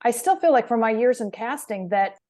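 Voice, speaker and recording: A woman hosting an interview podcast, affirming her guest and asking quick follow-up questions. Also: fairly high pitch, lively intonation, mellow. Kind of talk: conversational interview.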